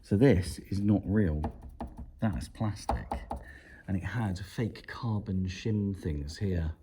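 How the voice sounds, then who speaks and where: A man's voice: deep voice, takes it slowly, warm tone, a little hiss or hum. A man, a motorcycle mechanic, talking through a project bike in a casual workshop vlog with a wry, self-deprecating manner. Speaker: motorcycle mechanic and video maker.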